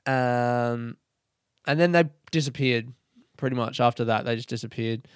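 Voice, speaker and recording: A man's voice: medium pitch, moderate pace, clean tone, no echo, clean studio sound. A young man, a comedian, telling a rambling story in a laid-back way with casual swearing.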